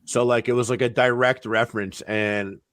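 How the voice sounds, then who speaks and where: A man speaks haltingly as a podcast guest, with many pauses and restarts. His voice sits at a middle pitch, and the sound is dry. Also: fairly even intonation, a bit bright, no echo. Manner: halting, hesitant. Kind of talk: casual podcast chat.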